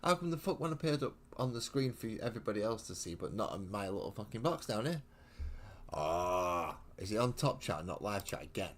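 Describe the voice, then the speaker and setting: A man's voice: lowish voice, sing-song, brisk. An English man chatting casually with his live-stream viewers while he paints miniatures, blunt and mocking, swearing constantly as he rambles. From England. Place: home hobby room.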